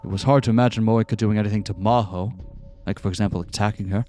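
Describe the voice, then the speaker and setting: A man hosting a let's-play reads a visual novel aloud in a fairly low voice. He keeps it casual, dropping in joking asides, while faint music plays underneath. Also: steady tone, quick pace, mellow. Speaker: let's-play host reading the game.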